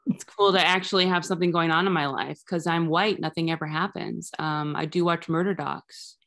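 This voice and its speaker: A woman in her thirties doing a rambling, deadpan stand-up set over Zoom. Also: lowish voice, normal speed. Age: 30s. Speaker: stand-up comedian.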